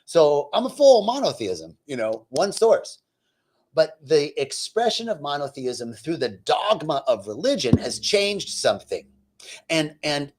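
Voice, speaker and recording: A man at a middle pitch giving a spiritual talk in a lively, conversational way. He mixes teaching with personal anecdotes, pokes fun at himself and keeps checking in with his listeners. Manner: animated, self-deprecating humor; conversational, lots of "right?" asides.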